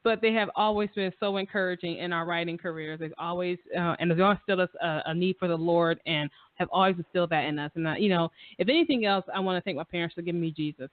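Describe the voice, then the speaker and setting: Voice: mid-range voice, fast talker, few pauses, dry recording. A radio talk show host chatting in a casual, effusive way, full of fillers and repeated phrases. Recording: dry phone-line audio.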